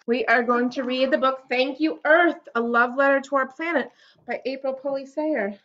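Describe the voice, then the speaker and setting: A woman reading a picture book aloud to a child at a library story time, gently and encouragingly, with little gasps at the pictures. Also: high-pitched, fairly even intonation, normal speed, highs cut off.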